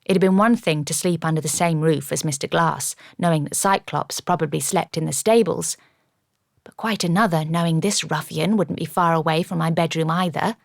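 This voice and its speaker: A woman narrating a first-person audiobook in a measured, even storytelling manner. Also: low-pitched, vocal fry, no echo. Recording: dry studio audiobook.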